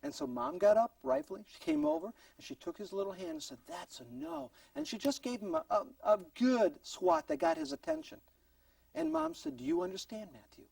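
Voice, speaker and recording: Recorded far from the mic without echo, a man gives an earnest parenting class lecture, playing out brief conversations between parents and kids. His very high-pitched voice is gravelly and darkish, animated and fairly quick.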